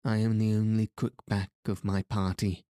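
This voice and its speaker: A man's voice: lowish voice, little pitch movement, normal speed, warm tone, dry recording, studio quality, close to an everyday voice. A man reading the lines of a stern, hunchbacked medieval duke in a harsh, curt way.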